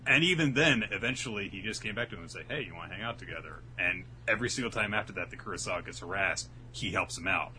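A man chatting casually and rambling through a story recap, acting out quotes in quick voices. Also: on the low side, pushed and bright, slight background noise, rough recording. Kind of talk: casual chat recapping a manga.

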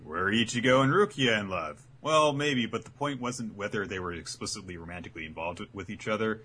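A man's voice: lowish voice, animated, a little fast, sharp tone, breathy edge. A man co-hosting a casual podcast, talking things through analytically with hesitant restarts. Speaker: podcast co-host.

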